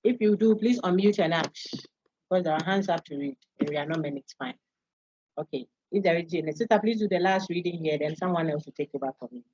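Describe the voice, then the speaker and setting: Woman lecturer, low voice, explains answers step by step, dry muffled call audio. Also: a little fast, darkish tone, breathy edge, no echo. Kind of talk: online class quiz review. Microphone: video call.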